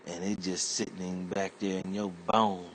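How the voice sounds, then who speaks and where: A man's voice: deep voice, flat delivery, moderate pace, fairly bright tone, a little hiss or hum. A man delivering a rambling, profane comedic rant in a streetwise, conversational way. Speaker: internet comedian.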